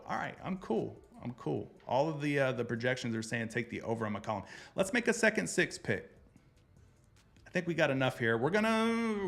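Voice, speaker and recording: A man hosting a casual sports betting picks show, speaking at a middle pitch. He talks loose and jokey, calls viewers brother, and rambles through numbers at his desk mic. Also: a bit bright.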